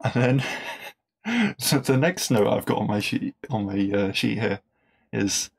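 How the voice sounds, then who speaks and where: A man's voice: lowish voice, very animated, measured pace, creaky, breathy edge. A man hosting a podcast, chatting casually and enthusiastically, with lots of fillers and restarts, and laughing at his own jokes. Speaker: podcast host. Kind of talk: casual episode review.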